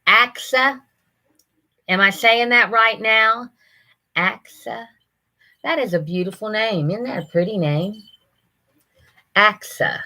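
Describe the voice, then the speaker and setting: A woman's voice: medium pitch, slow pace, long pauses, sharp tone. An older woman hosting a casual live stream, chatting with viewers and greeting them by name, often laughing.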